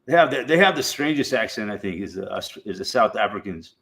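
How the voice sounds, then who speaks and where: A man's voice: lowish voice, expressive, fairly bright tone. A middle-aged American man hosting a casual, rambling chat, swearing freely and laughing between thoughts. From United States. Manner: swearing, laughs often, drawn-out slow talk. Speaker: livestream host.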